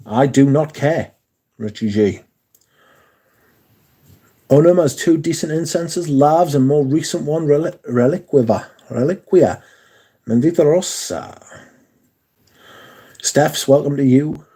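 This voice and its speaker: A man's voice: a little high, takes it slowly, pauses often, mellow, slightly rough. A man chatting casually on a livestream, rambling through stories and reading out viewers' comments. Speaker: livestream host.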